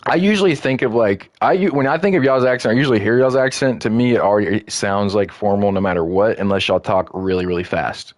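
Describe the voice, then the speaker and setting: A man's voice: lowish voice, quick pace, hardly any pauses, no echo, studio quality. A man streaming a game, chatting loosely and rambling with lots of filler words. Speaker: gaming streamer. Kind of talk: casual live-stream commentary.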